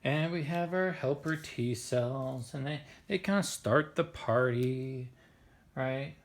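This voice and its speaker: A man's voice: medium pitch, slow pace. A man explaining a biology lesson in a chatty, playful way, with plenty of filler words. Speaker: science teacher.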